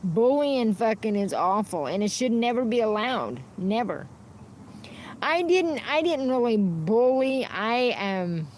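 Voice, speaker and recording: A woman's voice: medium pitch, a little mellow, slight background noise. Blunt, foul-mouthed woman. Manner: profane, blunt and combative; rambling with frequent restarts. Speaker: livestreamer. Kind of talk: unscripted rambling monologue.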